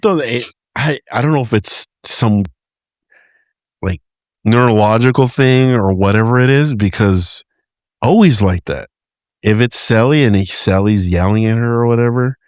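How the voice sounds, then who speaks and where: A man's voice: fairly low pitch, a little mellow, dry recording, clean studio sound. A man co-hosting a podcast in casual, rambling chat, often restarting and joking. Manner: rambling, self-correcting, jokey. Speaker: podcast co-host.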